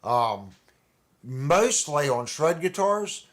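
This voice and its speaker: A man's voice: fairly high pitch, sing-song, extremely slow. A man hosting a casual livestream, chatting in a rambling, conversational way with restarts. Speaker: livestream host. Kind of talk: casual chat about guitars.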